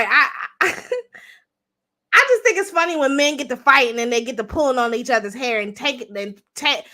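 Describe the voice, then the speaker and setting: Young woman livestream host; high, bright voice; blunt, profane, chatty commentary aimed at viewers.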